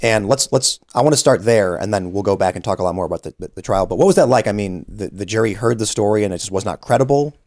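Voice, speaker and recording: A man hosting a podcast studio interview, asking questions rapidly with frequent restarts. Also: lowish voice, animated, darkish tone, no echo. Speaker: podcast host.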